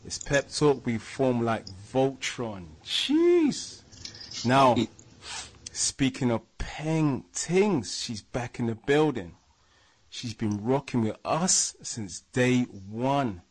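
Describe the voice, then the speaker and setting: A man's voice: mid-range voice, slow pace. Laughing man hosting a podcast. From England. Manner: laughing, hyped banter. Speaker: podcast host. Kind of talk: casual sports podcast chat.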